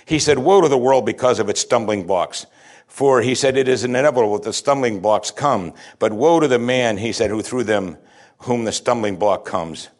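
At a normal speed and medium pitch, a male pastor delivers a sermon, reading scripture aloud before explaining it conversationally. He's emphatic, often pushing his voice up to stress key points.

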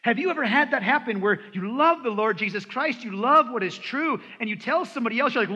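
A pastor with an extremely high-pitched voice preaches at normal speed, animatedly telling stories and acting out the voices of the people in them. The sound is dull and lo-fi, in a hall with a long echo.

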